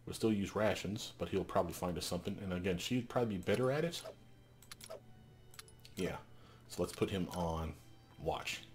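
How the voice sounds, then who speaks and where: A man casually commenting on a fantasy game and reading its text aloud, thinking out loud. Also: low voice, normal speed, pauses often, faint music behind. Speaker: let's play host.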